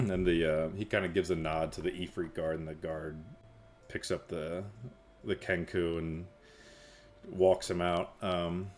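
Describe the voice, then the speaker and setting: Deep-voiced man running a tabletop game. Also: little pitch movement, unhurried. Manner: rambling, filler-heavy storytelling. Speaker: game master.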